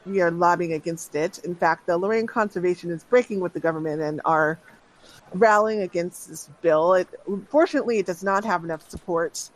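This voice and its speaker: An earnest, gentle male doctor from a tabletop role-play, put on by the game master. He speaks in a measured way and turns firm and indignant over injustice. His voice sits in an ordinary middle pitch. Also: natural voice, poor audio. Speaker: game master voicing a character.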